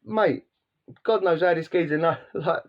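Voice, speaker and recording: A man's voice: on the high side, measured pace, muffled recording. A man vlogging, telling casual stories in a rambling, slangy way with lots of repeats and restarts. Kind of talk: casual storytelling monologue.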